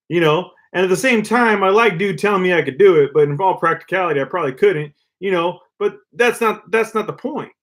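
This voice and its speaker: This man, high-voiced and a little fast, co-hosts a podcast in easygoing conversation, his talk loose and full of "you know" and "like."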